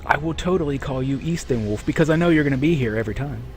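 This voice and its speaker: A man streaming a game live, chatting with viewers in a rambling way. He keeps correcting himself and clearing a sore throat. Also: mid-range voice, fast, faint music behind. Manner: rambling, self-correcting, reads chat aloud. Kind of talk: casual live-stream chat.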